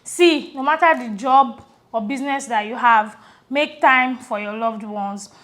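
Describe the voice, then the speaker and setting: A Nigerian woman co-hosting a podcast, telling a personal story in a reflective, earnest way that often trails off softly. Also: on the high side, unhurried. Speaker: podcast co-host. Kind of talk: casual conversational storytelling.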